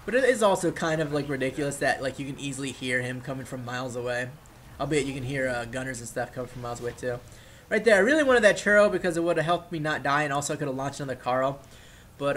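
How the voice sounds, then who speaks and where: A man talks over his gameplay footage in a fairly high voice for a man. He rambles off on tangents with an excitable, loose delivery and swears casually along the way. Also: a little hiss or hum. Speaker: gameplay commentator.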